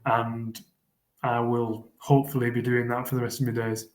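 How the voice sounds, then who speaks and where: An Englishman who is a fell runner appears as a guest in a casual interview, speaking earnestly and rambling, often repeating words while he thinks. His mid-range voice keeps a level tone at a moderate pace, and the recording has a roomy echo.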